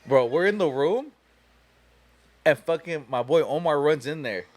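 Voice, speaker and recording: Young man, podcast host, casual storytelling, lively swinging pitch, slightly high voice, swears a lot. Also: a little slow. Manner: animated, profane, laughing storyteller.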